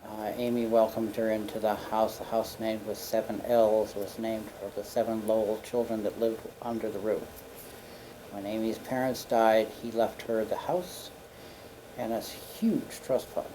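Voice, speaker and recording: Give me a mellow-sounding man telling lively anecdotes, with faint background noise. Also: on the low side, unhurried, low-quality recording. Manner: animated anecdotal storyteller, playful. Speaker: guest. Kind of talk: storytelling on a local talk show. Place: community studio.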